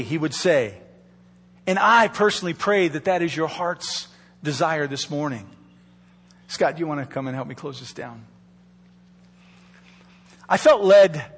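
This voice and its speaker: A man preaching a sermon from a church pulpit, earnest and pleading, slowing down to stress key words. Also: on the high side, fairly bright tone, long reverb tail. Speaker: pastor. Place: church sanctuary. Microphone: microphone.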